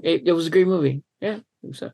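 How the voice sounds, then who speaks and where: A middle-aged man hosting a podcast in relaxed, casual chat, laughing easily and swearing freely. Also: a little high, fairly quick, vocal fry, no room sound. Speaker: podcast host.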